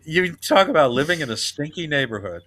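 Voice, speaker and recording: A man's voice: a little high, sing-song, moderate pace, pushed and bright. A man hosting a podcast, chatting casually and laughing often as he retells scenes. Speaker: podcast host. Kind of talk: casual chat.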